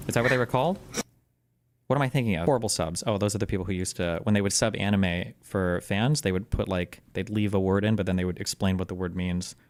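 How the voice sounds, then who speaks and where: A man doing livestream commentary, rapid, rambling and incredulous as he reacts. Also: deep voice.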